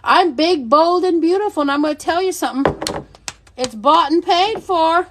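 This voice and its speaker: Blunt high-voiced woman chatting on a livestream. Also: moderate pace, slight background noise. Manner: blunt, animated, swears freely, laughs often. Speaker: livestream seller and host. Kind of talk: casual livestream chat.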